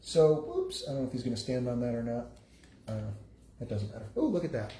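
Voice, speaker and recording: A man's voice: medium pitch, big pitch swings, mellow. Echoey, distant man running a game. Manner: descriptive, halting narration with many restarts. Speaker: game master. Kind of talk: narrating a live tabletop game. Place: room around a gaming table. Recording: echoey room, distant mic, faint noise.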